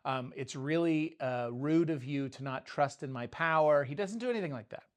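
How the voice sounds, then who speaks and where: A man's voice: a little high, normal speed. A middle-aged man giving a casual, conversational sermon, retelling scripture loosely with frequent restarts. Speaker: preacher.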